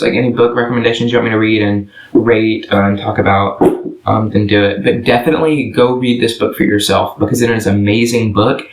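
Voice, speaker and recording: A man's voice: mid-range voice, echoey room, slight background noise, poor audio. A man giving a casual, rambling book review with many fillers.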